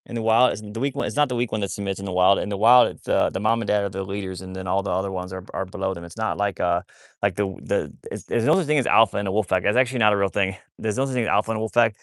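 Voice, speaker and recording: A man's voice: fairly low pitch, very fast, no room sound, studio quality. A man hosting a casual livestream about rescuing wolfdogs, rambling with many restarts while he talks to his dogs.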